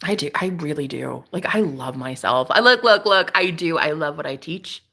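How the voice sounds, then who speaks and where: A woman's voice: low-pitched, lively intonation, moderate pace, creaky, bright, forceful tone, husky. A woman chatting casually on a live stream, sassy and laughing often as she talks back to her viewers. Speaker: spiritual streamer.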